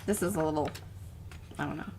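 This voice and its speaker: A woman's voice: low-pitched, darkish tone, a little hiss or hum. A woman co-hosting a live art stream, giving frank opinions and teasing her partner with easy laughter. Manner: candid, teasing, quick to laugh. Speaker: co-host of art livestream. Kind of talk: casual chat. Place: home art studio.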